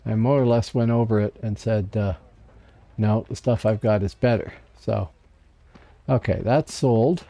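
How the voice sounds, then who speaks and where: A man livestreams his gameplay, casually commenting and chatting both to himself and to viewers in chat. His voice is lowish, gravelly and warm, and he speaks a little slowly.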